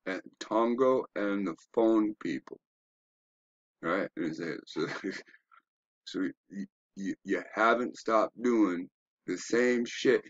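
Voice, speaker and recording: Deep-voiced man ranting, dull dry recording. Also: slow, no room sound. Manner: profane, rambling, preachy with rhetorical questions. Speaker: online commentator. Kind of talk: ranting commentary while browsing web pages.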